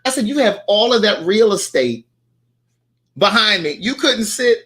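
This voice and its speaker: High, bright-voiced chatty man. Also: lively intonation, measured pace. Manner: chatty storyteller, acts out quoted lines. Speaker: host. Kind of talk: casual livestream chat.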